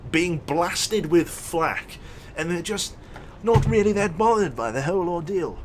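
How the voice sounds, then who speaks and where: A young man casually commentating his gameplay on a livestream, chatty and quick to launch into an animated story. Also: high voice, background noise. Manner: chatty, animated storyteller who thanks subscribers. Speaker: streamer.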